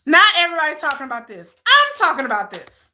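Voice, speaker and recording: A woman's voice: high voice, huge pitch swings, fast, sharp tone. A woman vlogger chatting casually, ranting with exasperation, repeating herself and answering viewer comments. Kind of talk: casual chat.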